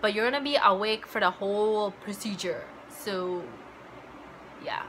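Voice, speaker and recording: A woman's voice: mid-range voice, unhurried, background noise. A young adult woman vlogger telling a personal story in a casual, chatty way, full of "like" fillers and acting out remembered dialogue.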